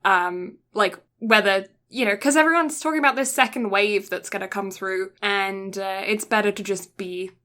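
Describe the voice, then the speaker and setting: Bright-voiced young woman, chatty podcast co-host. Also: mid-range voice, moderate pace, hardly any pauses. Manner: chatty, goes off on tangents, teasing. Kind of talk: casual chat.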